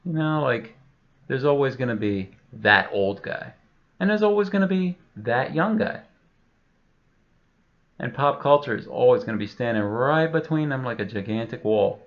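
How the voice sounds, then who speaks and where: A man's voice: medium pitch, animated, normal speed, lo-fi sound. A man telling a rambling, profane comic story, full of fillers. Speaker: comedian.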